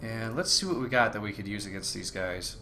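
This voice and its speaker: A man hosting a let's play, reading game text aloud between relaxed, casual remarks. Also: fairly low pitch, a little fast, faint music behind. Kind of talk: casual gameplay commentary.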